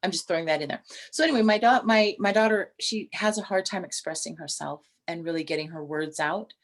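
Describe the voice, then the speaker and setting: A woman's voice: fairly low pitch, brisk. Chatty middle-aged woman telling stories. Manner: storytelling with frequent restarts and animated quoted voices. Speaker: podcast co-host. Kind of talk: casual chat.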